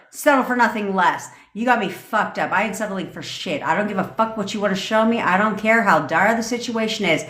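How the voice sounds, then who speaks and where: A woman's voice: mid-range voice, a bit bright. A woman manifestation coach ranting on a livestream, blunt, profane and emphatic, into a phone. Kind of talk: livestream rant. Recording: roomy echo.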